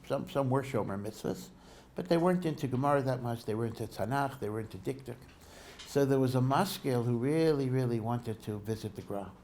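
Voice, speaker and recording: Give me a male rabbi lecturing and telling a story, relaxed and warm, talking casually in a digressive way. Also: medium pitch, a little hiss or hum. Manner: conversational, digressive, with frequent restarts and Hebrew and Yiddish learning terms. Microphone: podcast recording of a lecture.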